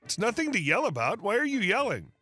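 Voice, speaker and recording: A woman's voice: medium pitch, sing-song, a little fast, pushed and bright, husky, soft background music, exaggerated voice. A man reading as a puzzled woman shopper. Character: frustrated female shopper, friendly, impatient.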